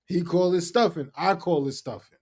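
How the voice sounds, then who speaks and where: A man holds forth in a loose podcast chat, hammering his point by repeating phrases. His voice sits a bit high. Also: moderate pace, husky. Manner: emphatic, repeats phrases for effect. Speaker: podcast co-host. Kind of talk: casual chat.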